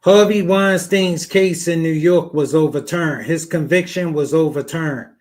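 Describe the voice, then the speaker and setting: Podcast host guy w/ breaking it down for the fellas, kinda higher pitched. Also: measured pace, darkish tone. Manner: casual, addresses "fellas", explains plainly. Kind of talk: commentary on a played clip.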